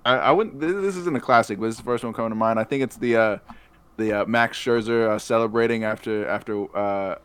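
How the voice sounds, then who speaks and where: A man's voice: on the low side, fairly quick, a bit bright, clear, resonant tone. A young man co-hosting a podcast, joking loosely and laughing along in casual chat. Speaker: podcast co-host.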